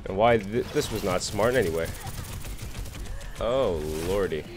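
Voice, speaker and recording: A man's voice: on the low side, measured pace. A tired man streaming a game live, muttering and complaining to himself as he plays. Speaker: gaming streamer. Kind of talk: live gameplay commentary.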